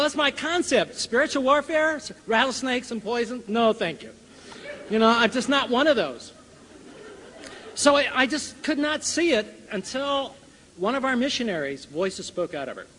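An older man with a notably high voice tells a personal story to a church audience. He chuckles often and acts out the scenes as he goes. His voice rings with the long reverb of a large hall. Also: animated, normal speed, a bit bright, a little hiss or hum. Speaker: Bible college teacher and speaker.

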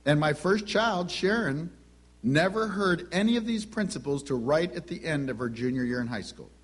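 Husky-voiced middle-aged man, storytelling parenting speaker, acts out the dialogue. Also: fairly high pitch, animated, normal speed. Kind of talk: anecdotal teaching talk.

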